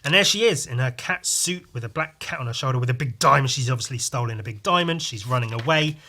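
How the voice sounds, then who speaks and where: A man hosting a podcast, chatting casually about a comic and swearing freely as he retells it with lively exclamations. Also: mid-range voice, fast, a little hiss or hum. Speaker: podcast host. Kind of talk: casual comic review chat.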